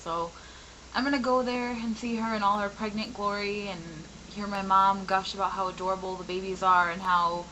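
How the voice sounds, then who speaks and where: A young woman in her twenties talks frankly and rambles through a personal update, full of fillers. Her voice is bright and sharp, roughened a little by a recent sore throat. A faint background noise sits under the recording. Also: medium pitch, poor audio. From Michigan, US. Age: 20s. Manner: candid, frustrated, rambling with many fillers. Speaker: vlogger. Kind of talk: personal venting vlog.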